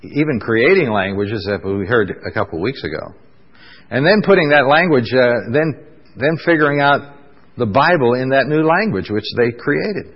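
A man's voice: mid-range voice, lively intonation. Preacher man in a reverberant church hall. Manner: conversational, fills pauses with "uh", asks the congregation questions. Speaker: pastor. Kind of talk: sermon. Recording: dull lo-fi sound with long hall reverb.

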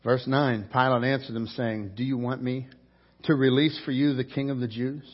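A man's voice: medium pitch, level tone, normal speed, highs cut off. A man preaching a sermon as pastor, telling the story vividly and acting out the characters' lines.

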